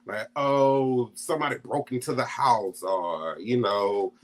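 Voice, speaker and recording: A man telling a personal family story in a casual, animated way, laughing often and acting out what his family said. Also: medium pitch, slow. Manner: acts out quoted family voices. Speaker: guest storyteller.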